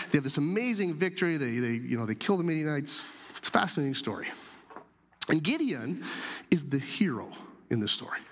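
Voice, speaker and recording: A man's voice: a little high, a bit bright. A man preaching a sermon in a conversational, storytelling way, acting out the voices of the people in his story. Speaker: pastor. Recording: long hall reverb.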